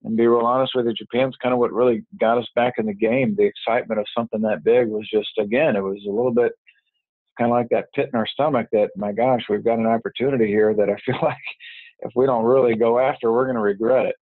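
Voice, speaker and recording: Over a tinny, dry phone line with no room sound, a business networker speaks as an interview guest. His medium-pitched voice holds a steady tone as he talks fast, rambling casually and filling his speech with fillers and restarts.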